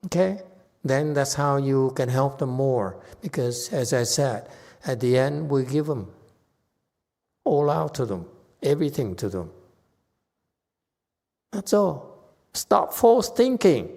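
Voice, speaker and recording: A man's voice: medium pitch, expressive, slow pace, vocal fry, pauses often, a little mellow. A man leading a dharma talk and answering questions, blunt and exasperated as he scolds his students. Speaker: meditation master answering questions. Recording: long hall reverb.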